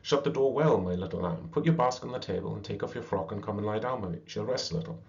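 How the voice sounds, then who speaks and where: A man voicing a sly, greedy male wolf who softens his rough voice to sound gentle, on a slightly dull recording. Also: on the low side, fast. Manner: softened rough voice, fake cough.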